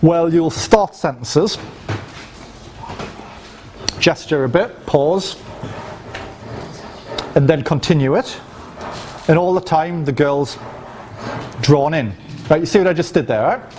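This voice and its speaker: This time the dating coach takes it slowly, with long pauses, in a fairly high voice with a darkish tone. Teaching his live seminar, he stays loose, chatty, and profane, often saying "right?" and demonstrating physically. Slight background noise is present.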